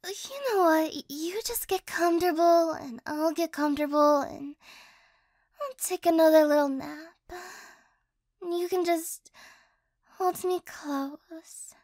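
Woman voicing a high, soft cat-girl girlfriend. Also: a little slow, no echo, clean studio sound. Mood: sleepy, affectionate. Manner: soft, gentle, hesitant and apologetic. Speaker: ASMR role-play artist. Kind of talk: whispered role-play.

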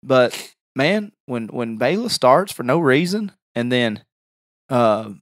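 A man's voice: mid-range voice, very animated, slow, dry recording, studio quality. Rambling man telling stories. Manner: rambling storytelling with many restarts. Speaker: podcast host. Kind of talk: casual chat.

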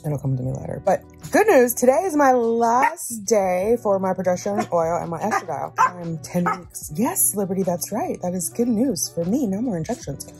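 A woman's voice: mid-range voice, animated, normal speed, few pauses, over music. A woman in her thirties chatting casually in a vlog, talking herself through her breakfast and her groceries. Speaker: vlogger.

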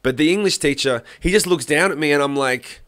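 A man's voice: a little high, a little fast, fairly bright tone. A middle-aged man on a podcast, casually telling a rambling story and often restarting his sentences. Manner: rambling, self-interrupting anecdotes. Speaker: podcast host.

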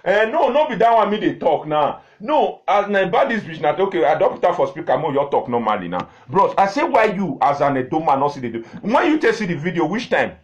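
A man's voice: on the high side, very animated, quick pace, hardly any pauses, muffled recording. A man with a Nigerian accent hosting a live video, chatting in a loose, repetitive way straight to his viewers. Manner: chatty, repeats himself, talks to viewers directly. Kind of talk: casual live-stream commentary in pidgin.

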